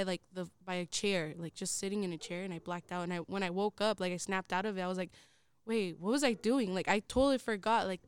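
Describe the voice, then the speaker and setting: A woman's voice: medium pitch, clear, resonant tone. A young woman, co-hosting a casual podcast and telling a long story, rambling with many "likes" and frequent swearing. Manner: rambling, heavy use of filler "like", swears often. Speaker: co-host.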